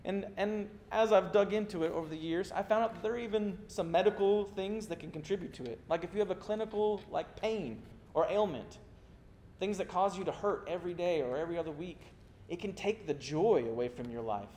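A middle-aged pastor preaches a sermon in a brisk, darkish-toned voice, weaving in stories and poking fun at himself. The room is echoey, with a faint rumble.

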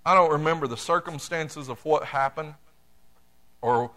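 A man's voice: fairly high pitch, moderate pace, bright, forceful tone. A middle-aged man preaching a sermon, talking to the congregation in a conversational way with dry humor. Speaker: pastor.

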